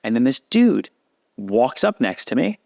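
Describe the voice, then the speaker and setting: A man in his thirties tells a story on a podcast. His voice sits at a middle pitch, and he jumps up high whenever he acts out the voices of other people. His delivery is casual and animated. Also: a little slow, creaky. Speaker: podcast guest.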